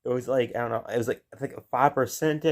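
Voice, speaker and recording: A man's voice: mid-range voice, steady tone, quick pace. A young man hosting a reaction video, chatting casually and rambling with many restarts.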